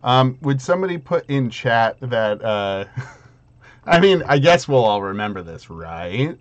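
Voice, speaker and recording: A man's voice: mid-range voice, big pitch swings, measured pace, lo-fi sound. A man running a tabletop game, reading out rules and trading playful banter with his players. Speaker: game master.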